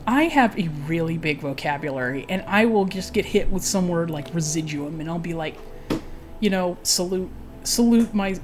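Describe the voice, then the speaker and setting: A woman's voice: mid-range voice, a little mellow, slight background noise. A woman streaming a game, reading a book aloud and breaking off for chatty, giggly asides.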